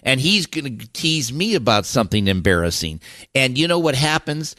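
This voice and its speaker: An older man, a guest on a podcast, telling animated, rambling stories with many restarts. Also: medium pitch, moderate pace, no room sound, studio quality. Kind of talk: casual storytelling interview.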